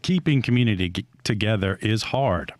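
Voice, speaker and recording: A man reading a steady, earnest fundraising appeal for a radio station. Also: fairly low pitch, normal speed, dry recording. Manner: steady, earnest, scripted delivery.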